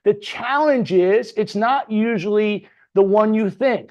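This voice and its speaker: A man's voice: sits high, unhurried, few pauses, darkish tone. A middle-aged man giving a motivational sales training talk, punchy and full of rhetorical questions, tagging his points with "right?". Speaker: business trainer.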